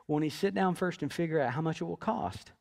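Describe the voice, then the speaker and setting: Middle-aged guy preaching at church, chatty and story-driven, voice a bit on the high side. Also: a little fast, vocal fry, darkish tone. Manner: conversational, storytelling with asides and restarts. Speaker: senior pastor. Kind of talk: sermon. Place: church auditorium.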